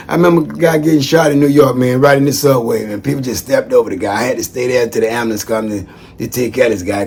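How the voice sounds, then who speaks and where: Chatty man rambling through shout-outs. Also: a little high, gravelly, husky. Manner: chatty, folksy, digressive, calls listeners "man". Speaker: vlogger giving shout-outs; former social worker. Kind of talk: casual rambling monologue.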